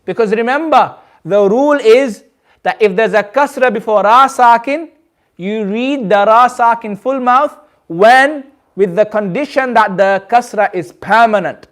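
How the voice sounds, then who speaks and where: A man with a notably high voice leads a recitation class in a community centre. He explains each rule slowly and patiently, repeats himself, and checks understanding with questions to the room. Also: a bit bright. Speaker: Quran recitation teacher. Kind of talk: classroom teaching.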